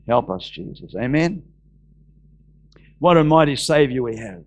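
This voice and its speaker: A man with an Australian accent, preaching a sermon in church, stressing and slowly repeating Bible phrases. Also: mid-range voice, lively intonation. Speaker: pastor.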